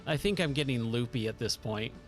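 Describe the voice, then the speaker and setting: A male streamer narrates his gameplay in an ordinary mid-range voice, by turns pleading with the game and poking fun at himself. Faint music plays quietly behind him. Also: mid-range voice, animated, brisk. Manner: exasperated, self-mocking, talks to the game. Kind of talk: live gameplay commentary.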